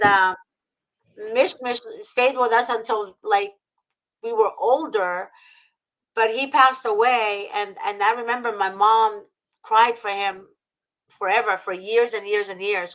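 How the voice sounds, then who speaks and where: A woman's voice: medium pitch, fairly bright tone, poor audio. A woman from Egypt chatting casually as host, emotional and gushing, with many fillers and restarts. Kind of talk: casual video-call chat.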